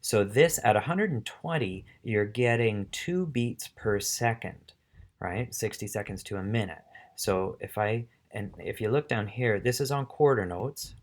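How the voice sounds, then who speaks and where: A man's voice: fairly low pitch, unhurried, a little hiss or hum. A middle-aged man teaching music, patiently explaining step by step and counting rhythms aloud. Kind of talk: casual instructional demo.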